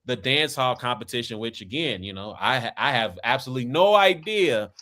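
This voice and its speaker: A man's voice: mid-range voice, animated, a little fast, pushed and bright. A man from Kansas City with an American accent, hosting a casual talk in a loose, rambling way and tagging his points with "right?" and "man.". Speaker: podcast host. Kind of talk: casual conversation.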